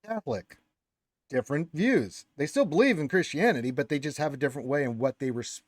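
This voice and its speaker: A man's voice: on the high side, no echo, clean studio sound. A man hosting a casual podcast, chatting about lore and reading passages aloud with some stumbles. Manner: animated, quick to exclaim, stumbles over words. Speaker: podcast host.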